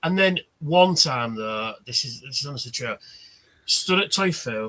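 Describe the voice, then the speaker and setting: A man's voice: mid-range voice, lively intonation, moderate pace, pushed and bright. A man hosting a casual livestream chat, telling anecdotes and acting out the quoted exchanges. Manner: chatty storyteller, acts out quoted exchanges. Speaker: livestream host.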